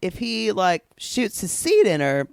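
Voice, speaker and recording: A man's voice: high-pitched, wildly swooping pitch, measured pace, gravelly, smooth, no echo. A man co-hosting a podcast, recapping in casual chat, sarcastic and mock-horrified, on a close mic. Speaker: podcast co-host.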